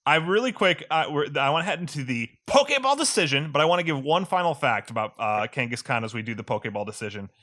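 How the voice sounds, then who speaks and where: Podcast co-host, male, bright and forceful, playful segment leader. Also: on the high side, very animated, fast talker, hardly any pauses. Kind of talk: casual chat.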